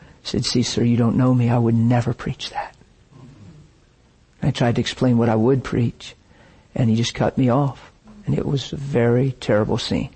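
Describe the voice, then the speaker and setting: A man's voice: medium pitch, a little mellow, husky. A middle-aged man preaching a sermon, telling stories in an emotional, emphatic way.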